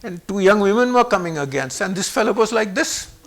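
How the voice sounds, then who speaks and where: A man in his seventies, originally from Pakistan, recounting personal memories in an animated way, changing his pitch and volume to act out what other people said. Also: brisk. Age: 70s. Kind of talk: personal storytelling.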